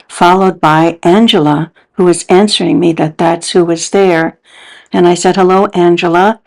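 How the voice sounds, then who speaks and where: A woman's voice: medium pitch, a little mellow, rough recording. A woman hosting a paranormal investigation video, narrating in an earnest, contemplative voice-over.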